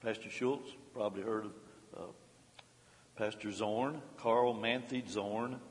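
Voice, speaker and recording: A man preaching a sermon as pastor, reading a devotional commentary in a measured way, lifting his voice on scripture and dropping low when citing chapters. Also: steady tone. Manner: measured, rising emphasis on scripture, dropping on references. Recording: long reverb of a large hall.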